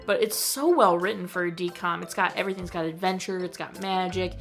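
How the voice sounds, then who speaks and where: Young woman, movie review vlog, gushing and slangy, bright forceful voice, soft music behind. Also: fairly low pitch, fairly quick, gravelly. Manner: gushing, slangy, lively quoting of scenes.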